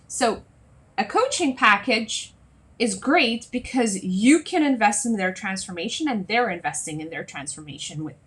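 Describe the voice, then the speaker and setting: A woman coach talking to her viewers on a live stream, chatty and lively, often checking in with "right?" and "okay?". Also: medium pitch, moderate pace. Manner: lively, acts out little scenes in other voices. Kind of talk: solo Facebook Live talk to viewers.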